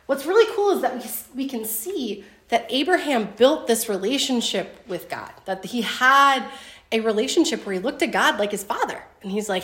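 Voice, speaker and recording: A young woman leading a casual Bible lesson for a group, talking in a chatty way with lots of fillers and lively storytelling. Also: a little high, moderate pace. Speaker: Bible study teacher. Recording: roomy echo.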